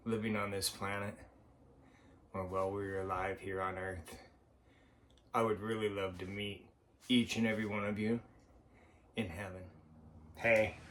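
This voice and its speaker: A man vlogging in a slow, halting, heartfelt way, with a frequent cough. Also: on the low side, a little hiss or hum. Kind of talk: personal vlog monologue. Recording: roomy echo.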